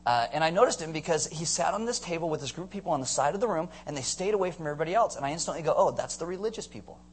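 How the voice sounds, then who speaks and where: A male pastor giving a sermon to a congregation, telling stories in a joking, animated way and acting out voices. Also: a little high, very fast, slight background noise. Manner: joking, animated storyteller who acts out voices. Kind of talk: sermon with storytelling. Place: church before a live congregation.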